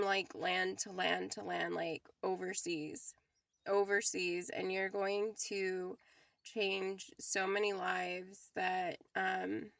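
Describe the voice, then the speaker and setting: A woman's voice: medium pitch, vocal fry, a bit bright, no room sound, clean studio sound. A young woman giving a casual, rambling spiritual card reading to her viewers, emotional and laughing often. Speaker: tarot reader.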